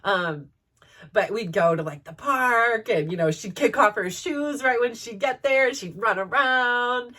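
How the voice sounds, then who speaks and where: A woman's voice: on the high side, animated, measured pace, sharp tone, far from the mic. A woman telling personal stories in a chatty way, laughing often and filling with "like". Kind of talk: personal storytelling.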